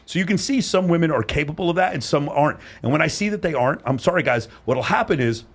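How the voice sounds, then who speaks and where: Fast blunt guy on a podcast panel, swears a lot, acts out what people say. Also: a little high, animated. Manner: blunt, profane, acts out quoted speech in raised voice. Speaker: podcast host. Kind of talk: candid panel discussion.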